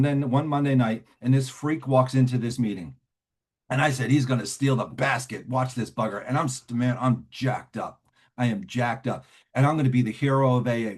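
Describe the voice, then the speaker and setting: A middle-aged man from New with a husky, breathy edge to his voice tells a recovery story to a meeting. He talks in a blunt, slangy way and acts out his past self as he goes. His pitch sits in an ordinary middle range for a man. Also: a little mellow. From New Jersey. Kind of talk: personal recovery story told to a live meeting.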